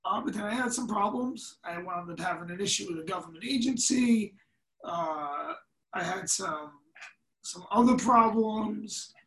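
This podcast guest has a high-pitched voice and speaks a little slowly, telling casual stories full of swearing and laughter. The animated delivery is captured from a distance in a room with noticeable echo.

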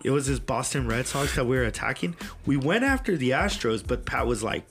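A man's voice: medium pitch, lively intonation, a little fast, hardly any pauses, fairly bright tone, soft background music. A man hosting a casual podcast with friends, loose and joking, swearing freely. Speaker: podcast host.

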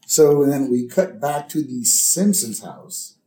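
Male podcast co-host, very animated pitch, lively storyteller, casual recap chat. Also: slow pace. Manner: lively storyteller, squeals in high voices for characters.

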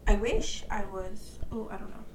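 A woman's voice: mid-range voice, moderate pace. A young woman chatting casually with friends, rambling through stories, swearing and laughing often. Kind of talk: casual chat among friends. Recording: echoey room with clear noise.

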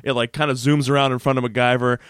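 A podcast co-host with a mid-range voice speaks quickly and animatedly, recapping a TV episode in casual chat and acting out the characters' lines. His tone is clean, and the studio recording has no echo.

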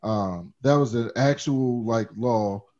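A talkative man co-hosting a movie podcast, wandering through his points and dropping casual swears. His voice sits at an ordinary pitch. The recording sounds dull and lo-fi. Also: slow pace, a little mellow. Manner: chatty, digressive, swears casually. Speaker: podcast co-host.

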